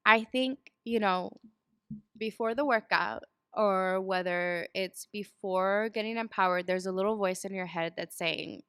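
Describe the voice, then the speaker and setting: A woman in her twenties chatting as a podcast guest, animated, often laughing and acting out what people said. Her voice is smooth and resonant, recorded close and dry. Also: mid-range voice, a little slow, dry recording. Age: 20s. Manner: animated storyteller, acts out quoted dialogue, laughs often. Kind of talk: casual chat.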